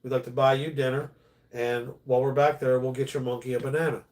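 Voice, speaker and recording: A train conductor, falsely polite and a little hesitant, with a smooth customer-service manner, as a man puts him on in his own voice. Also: mid-range voice, flat delivery, fast talker, a little mellow, lightly acted. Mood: mock-polite.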